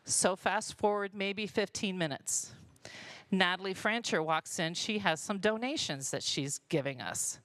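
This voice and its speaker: A woman's voice: medium pitch, unhurried, fairly bright tone, dry recording, poor audio. A woman telling heartfelt stories about her work leading a charity store, at a church gathering. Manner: heartfelt storytelling, emotional. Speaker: charity store volunteer leader. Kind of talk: church testimony talk.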